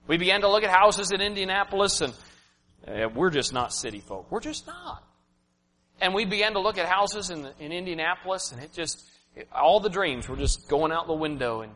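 A man in his thirties preaching a personal, emotional sermon, swinging from loud to hushed. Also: high-pitched, expressive, normal speed. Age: 30s. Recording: reverberant hall, faint hum.

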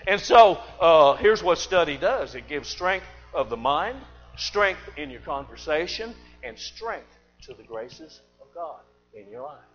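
A man preaching a sermon, telling a folksy story and swinging between loud bursts and hushed asides. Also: a little high, very animated, unhurried. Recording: dull lo-fi church recording with long reverb and faint music.

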